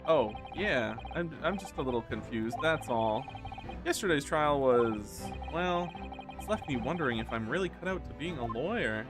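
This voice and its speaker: A man's voice: mid-range voice, lively intonation, normal speed, lightly acted. Nervous, stammering young lawyer, voiced by a male streamer, game music behind. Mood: unsure. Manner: hesitant, stammering. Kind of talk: reading game dialogue aloud.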